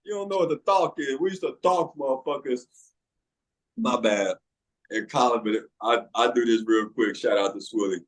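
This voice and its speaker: A man in his late forties, a podcast co-host telling stories in casual chat, profane and animated, often breaking into laughter. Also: mid-range voice, moderate pace, poor audio. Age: 40s.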